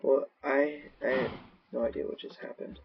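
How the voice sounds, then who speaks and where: Swearing, yelling gamer on a laptop mic. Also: male voice, medium pitch, fairly even intonation, moderate pace, creaky, lo-fi sound, background noise. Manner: profane, erratic outbursts and yelling; rambling self-talk. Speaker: gaming channel host. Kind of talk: gaming commentary.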